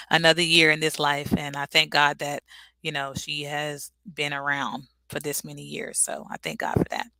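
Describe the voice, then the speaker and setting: A woman's voice: low voice, little pitch movement, normal speed, bright, forceful tone, no echo, rough recording. A woman hosting a casual live stream, chatting directly with her viewers and calling them y'all.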